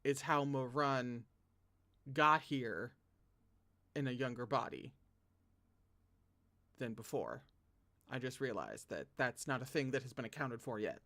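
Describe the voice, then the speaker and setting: A man reading a novel aloud as host of a read-along, animated and often stopping to joke and laugh at the text. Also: medium pitch, unhurried, pauses often. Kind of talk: read-along narration with asides.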